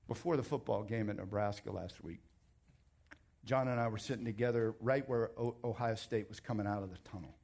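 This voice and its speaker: A man's voice: fairly low pitch, moderate pace, vocal fry, long pauses. A man preaching a sermon as pastor, emphatic and conversational, telling stories and joking with his congregation. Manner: animated storytelling, emphatic.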